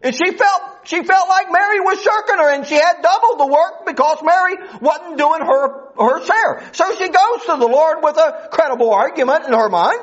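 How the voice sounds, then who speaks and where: A man delivers a folksy sermon in a strikingly high voice that rises and falls widely. He grows fervent as he presses his point. The recording is dull and lo-fi. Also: animated, normal speed, few pauses, fairly bright tone. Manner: folksy, rising into fervent preaching. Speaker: preacher.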